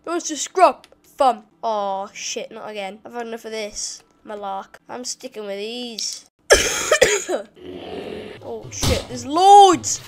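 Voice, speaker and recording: A woman giving excitable gameplay commentary, swearing often and shouting insults at enemies. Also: on the high side, slow. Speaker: gamer.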